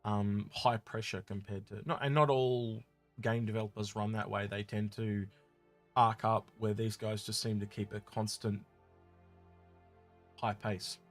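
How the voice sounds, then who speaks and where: Soft music plays behind a man with a lowish, unhurried voice as he reads viewer questions on a casual gaming podcast he co-hosts. He muses on them in a relaxed way that often trails off.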